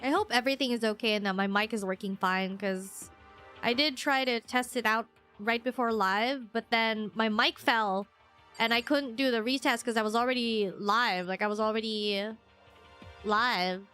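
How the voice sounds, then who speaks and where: A woman streaming a game live, chatting excitedly and reading the game's dialogue aloud. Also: on the high side, normal speed, clean tone, soft background music. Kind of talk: live gameplay commentary.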